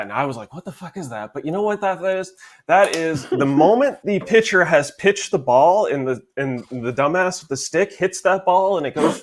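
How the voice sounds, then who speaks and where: A man ranting profanely in a casual comedy debate podcast, building an absurd idea with growing enthusiasm. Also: mid-range voice. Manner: profane, animated rant.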